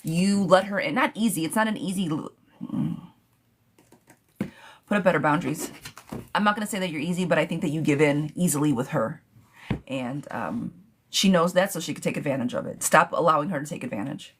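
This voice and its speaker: A woman's voice: low-pitched, a little fast, pauses often, slight background noise. A woman giving a live-streamed tarot reading, blunt and chatty, calling her viewers sweetheart and friend. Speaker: tarot reader.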